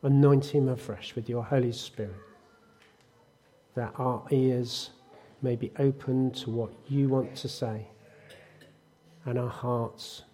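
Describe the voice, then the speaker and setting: A man's voice: mid-range voice, fairly even intonation, dark tone. A man leading an earnest spoken prayer in a church service. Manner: earnest, unhurried praying. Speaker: prayer leader.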